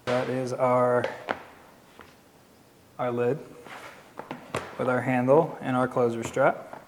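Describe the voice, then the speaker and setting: A man's voice: mid-range voice, takes it slowly, slight background noise. Philadelphia-accented man in a reverberant room. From Philadelphia area. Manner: relaxed, talks while working, step by step. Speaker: leathercraft instructor. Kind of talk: casual how-to tutorial.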